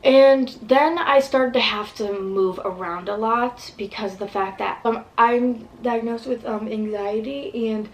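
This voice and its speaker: A woman's voice: fairly high pitch, unhurried, hardly any pauses, rough recording. A young woman vlogger telling a long personal story in casual, rambling talk full of fillers and swearing.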